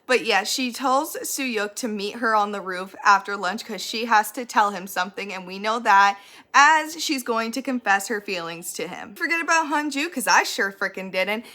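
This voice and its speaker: Bright-voiced woman ranting through a recap. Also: medium pitch, moderate pace. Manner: blunt and ranty, swears freely; animated and opinionated. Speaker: YouTuber recapping a TV episode. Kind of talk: casual spoiler recap.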